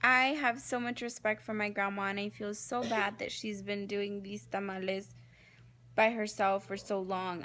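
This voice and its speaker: A woman's voice: mid-range voice, fairly bright tone, a little hiss or hum. A young pregnant woman vlogging in her home kitchen, chatting to her viewers like family as she cooks. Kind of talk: casual cooking vlog. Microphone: phone camera.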